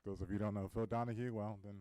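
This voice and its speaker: Casting: low-voiced male moderator, relaxed, stumbles over tricky words. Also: rapid-fire, poor audio. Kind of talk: hosting a Q&A.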